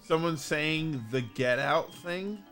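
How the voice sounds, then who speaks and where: A man's voice: on the high side, slow pace, over music. A man co-hosting a game stream and reading donation messages in a dry way. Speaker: co-host. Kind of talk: casual stream chat.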